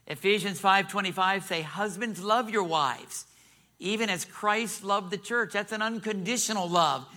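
Bright-voiced emphatic male preacher. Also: high-pitched. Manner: emphatic preaching with rising calls for amen. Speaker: pastor. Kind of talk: sermon.

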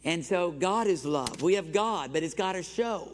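A man's voice: high-pitched, lively intonation, normal speed, slight background noise. A male pastor preaching a sermon in a church sanctuary, exhorting the congregation and having them repeat phrases after him. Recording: long reverb of a large church hall.

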